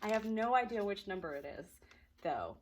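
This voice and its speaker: A woman vlogging about crafts in a chatty, excited way, a little out of breath. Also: medium pitch, moderate pace, a little hiss or hum. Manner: excited, chatty, laughs often. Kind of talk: casual chat to camera.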